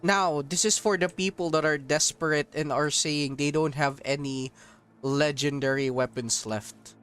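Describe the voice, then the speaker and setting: A man's voice: on the high side, steady tone, measured pace, a bit bright, soft background music. A man streaming a mobile game, giving casual, joking commentary to his viewers. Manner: joking, profane, talks to viewers as homies.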